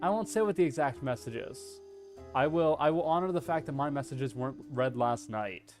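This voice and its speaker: A man with a Texan accent chatting casually on a livestream, playful and hammy, swearing freely and letting out loud yeehaw whoops. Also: medium pitch, lively intonation, moderate pace, faint music behind. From Texas. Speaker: VTuber streamer.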